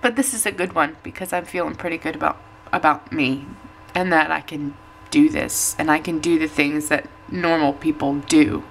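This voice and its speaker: A woman talks straight to her camera at home, her voice sitting low and a little teary. She rambles warmly, laughing at herself as she goes, with a faint hiss of noise underneath. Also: fairly even intonation, moderate pace, vocal fry. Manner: chatty, emotional, laughs at herself. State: tearful. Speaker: weight-loss vlogger. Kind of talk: casual chat to camera.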